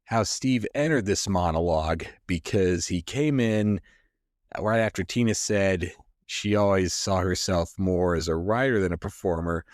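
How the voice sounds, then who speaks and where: A man with a very low voice chats casually as a podcast co-host. He wanders through his thoughts with plenty of fillers. The recording is dry and close, with no room sound. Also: a little mellow, no room sound. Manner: thoughtful, rambling, many fillers. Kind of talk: casual chat.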